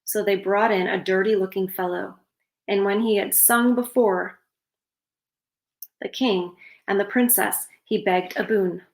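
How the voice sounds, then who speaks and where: A woman's voice: medium pitch, fairly even intonation, a little slow, pauses often. A woman reads a fairytale aloud and breaks off for sarcastic asides. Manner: sarcastic asides between passages. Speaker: storyteller. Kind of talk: reading a fairytale aloud with commentary. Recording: roomy echo.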